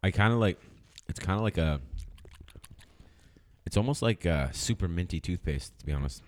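Deep-voiced man in loose podcast banter. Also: expressive, moderate pace, darkish tone. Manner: profane, laughing, storytelling banter. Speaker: podcast co-host. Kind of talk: casual chat.

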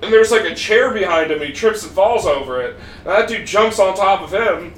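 A man's voice: high voice, animated, normal speed, a bit bright, far from the mic. A man hosting a podcast, telling a story with lots of laughter and swearing. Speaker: podcast host. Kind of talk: animated storytelling. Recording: echoey room, off-mic, faint hiss.

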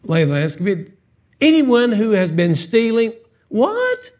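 High-voiced preacher, lively and joking. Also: male voice, unhurried. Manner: animated, joking, fires off rhetorical questions. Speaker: pastor. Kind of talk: sermon. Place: church sanctuary, live service.

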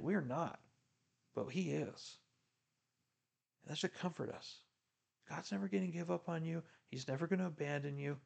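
Gravelly-voiced man giving earnest Bible commentary. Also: on the high side. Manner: earnest, preacherly, drops to a hush for God's quoted words. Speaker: Bible reading plan commentator.

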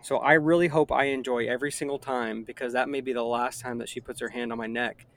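Gravelly-voiced earnest dad talking. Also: male voice, medium pitch, fairly even intonation, fast. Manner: earnest, rambling with many restarts. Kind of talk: casual conversation.

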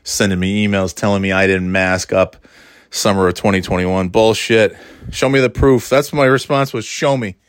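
A man's voice: sits low, fairly even intonation, normal speed, clean tone, no echo, studio quality. A man telling a long casual story, swearing freely and rambling with many asides. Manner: profane, rambling, exasperated.

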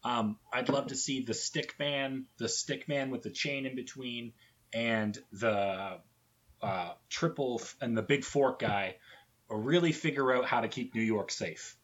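A man's voice: medium pitch, a little slow, fairly bright tone, highs cut off. A man co-hosting a comedy podcast, joking crudely and laughing often in casual chat. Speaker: podcast co-host.

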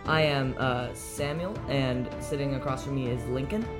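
A man's voice: medium pitch, moderate pace, loud music behind the voice. A man co-hosting a casual podcast chat. He talks in a hesitant way, with many ums and restarts. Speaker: podcast co-host. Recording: echoey room.

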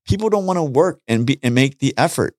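A man talking casually on a podcast, an animated storyteller who acts out conversations and repeats his points. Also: medium pitch, fast, no room sound, studio quality. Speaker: podcast guest, street preacher. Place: podcast studio.

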